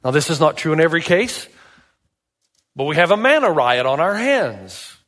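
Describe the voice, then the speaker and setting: A man's voice: a little high, big pitch swings, moderate pace, fairly bright tone, in a large hall. A male pastor preaching a sermon, telling stories with animation and asking emphatic rhetorical questions.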